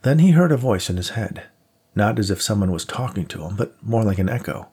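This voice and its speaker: A man narrating an audiobook in a steady, measured way. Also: lowish voice, husky.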